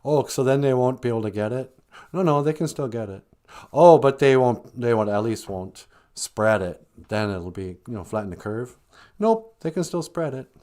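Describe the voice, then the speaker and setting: A male podcast host talks in a dry, sarcastic comic manner. His voice sits at an average pitch. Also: lively intonation, moderate pace, mellow. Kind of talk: comedic podcast monologue.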